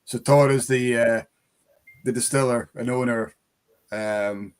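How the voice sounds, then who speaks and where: A man's voice: medium pitch, steady tone, slow pace, clear, resonant tone. A man with a Scottish accent, co-hosting a casual chat about whisky for a shop, friendly and laughing easily.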